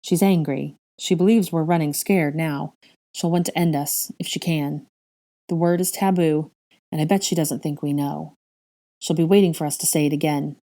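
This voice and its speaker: Grieving young witch, guilt-ridden, low mellow tone, as a woman reads her. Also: moderate pace. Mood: flat. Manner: tearful, then flat and vacant. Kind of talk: fan fiction reading.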